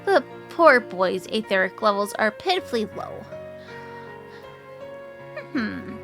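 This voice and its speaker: Condescending theatrical sorcerer, read by a woman, bright and grand. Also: mid-range voice, sing-song, takes it slowly, soft background music, full character voice. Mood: pompous. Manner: grandiose, mannered delivery. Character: pompous, theatrical mage sibling, condescending.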